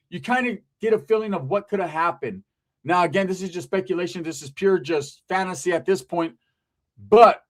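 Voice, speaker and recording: A man hosting a casual commentary monologue, talking in a loose conversational way, often asking "right?" and correcting himself. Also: sits high. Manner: conversational, frequent "right?" asides, profanity, self-corrections. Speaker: commentary channel host.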